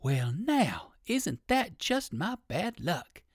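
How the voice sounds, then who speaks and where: A man's voice: huge pitch swings, normal speed, gravelly, dry recording, studio quality, full character voice. Man doing Uncle Wiggily, a fretful old rabbit. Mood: anxious. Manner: high, fluttery exclamations. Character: kindly old gentleman rabbit, fretful and excitable.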